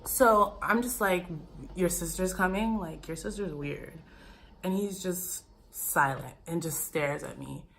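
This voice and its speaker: A young woman tells a wild personal story to her viewers in a chatty, animated way. Her voice sits a little low for a woman. She keeps turning to her audience as "you guys". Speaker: YouTuber. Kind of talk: storytime vlog.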